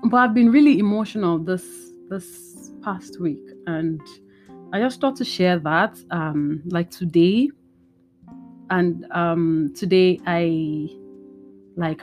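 Lady podcasting at home, tired and emotional, lowish voice, faint guitar music behind. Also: a little mellow. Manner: tired, emotional and rambling, mixing in Yoruba phrases. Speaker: podcast host. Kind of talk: casual solo podcast talk. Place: indoors at home.

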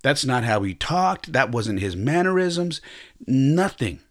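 A man's voice: mid-range voice, sing-song, slow, a bit bright. A man hosting a podcast, telling a personal story in a reflective, earnest way, often stopping and restarting his sentences. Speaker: podcast host.

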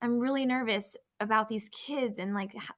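A woman's voice: a little high, normal speed. A young woman in casual chat about an event, rambling with many fillers and restarts. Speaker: event panelist.

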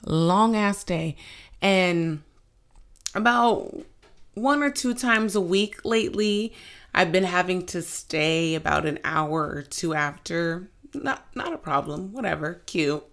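A woman in her twenties hosting a casual podcast, telling stories in an animated, giggly way with sudden loud outbursts. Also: lowish voice, slow pace. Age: 20s. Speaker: podcast host. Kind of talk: casual chat.

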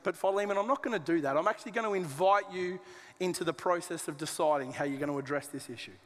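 High-voiced pastor preaching. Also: male voice, fast, a bit bright, in a large hall. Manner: conversational and joking, with colloquial asides. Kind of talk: sermon. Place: church auditorium.

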